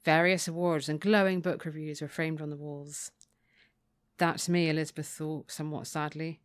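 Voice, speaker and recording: A woman's voice: low voice, little pitch movement, moderate pace, clean tone, dry recording. A woman co-hosting a book podcast, recapping the plot and reading passages aloud with dry, mock-dramatic relish. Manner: reads quotes with dry, mock-dramatic relish, laughs often. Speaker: podcast co-host.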